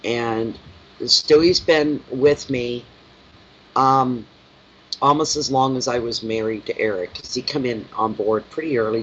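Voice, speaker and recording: A man's voice: mid-range voice, fairly even intonation, a little slow, fairly bright tone. A man who reads tarot, chatting casually on a live stream, rambling and talking fondly to his cat. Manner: rambling, fond baby talk to his cat. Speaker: tarot reader. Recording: dull lo-fi sound with faint noise.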